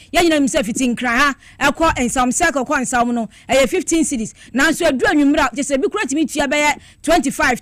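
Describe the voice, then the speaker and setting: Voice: high voice, a bit bright, no echo, studio quality. A radio host pressing a guest with long questions, raising the voice to make a point.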